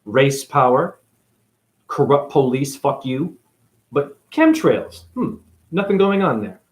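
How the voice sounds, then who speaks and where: A man from New England giving a profane, sarcastic monologue to camera, swinging between loud outbursts and near-whispers. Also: mid-range voice, very animated, slow pace. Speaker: spiritual video host.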